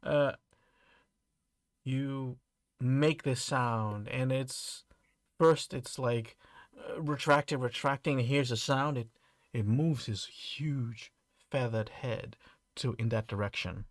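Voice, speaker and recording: A man's voice: medium pitch, slow pace, no room sound, studio quality. A man running a tabletop game, describing scenes with frequent restarts. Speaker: game master.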